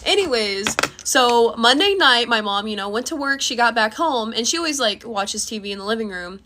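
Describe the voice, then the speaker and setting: A young woman tells a story in a casual, chatty way, packing her talk with fillers and swearing freely. Her voice sits a little high and rings sharp and bright. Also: expressive, normal speed.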